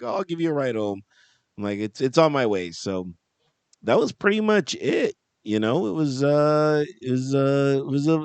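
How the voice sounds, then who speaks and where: Lively, chatty man telling a rambling story. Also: mid-range voice, smooth, dry recording. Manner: rambling, laughs often, swears casually. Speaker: podcast co-host. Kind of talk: casual chat.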